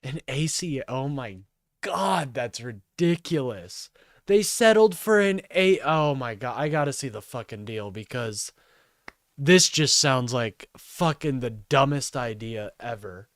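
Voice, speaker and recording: A man's voice: medium pitch, expressive, measured pace, dry recording, clean studio sound. A man live streaming commentary, ranting and swearing in exasperation.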